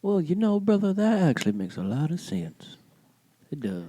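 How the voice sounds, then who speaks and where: A man's voice: fairly high pitch, sing-song, normal speed, mellow, no echo. A man co-hosting a casual podcast, playful and teasing, often breaking into laughs. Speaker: podcast co-host. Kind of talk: casual banter.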